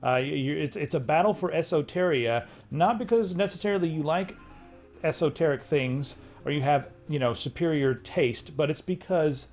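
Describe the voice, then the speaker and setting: A man's voice: on the high side, normal speed, darkish tone, soft background music. A man co-hosting a casual tech discussion, ranting and critical, with frequent restarts. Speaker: co-host.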